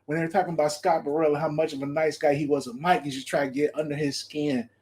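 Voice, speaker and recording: A man with a high, lively voice hosts a solo podcast. He chats casually in an animated way, laughs often and repeats his phrases. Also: quick pace. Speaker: podcast host.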